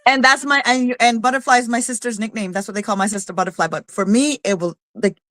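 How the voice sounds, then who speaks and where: Casting: woman host, casual chat, blunt jokes, a bit high, dry close sound. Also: fairly even intonation, fast talker, a bit bright, dry recording. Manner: blunt, salty humor.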